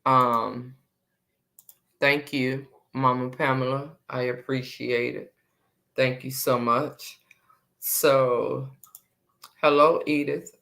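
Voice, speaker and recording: A woman's voice: very deep voice, steady tone, takes it slowly, creaky, pauses often, a bit bright. A woman hosting a casual live stream, chatting with viewers and greeting them by name with repeated hellos.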